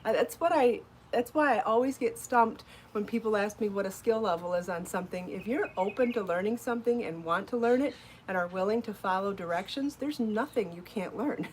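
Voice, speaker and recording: A woman's voice: medium pitch, darkish tone, slight background noise. A woman hosting a casual live stream about crochet, chatty and encouraging, laughing often as she answers viewer comments. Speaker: podcast host and crochet designer.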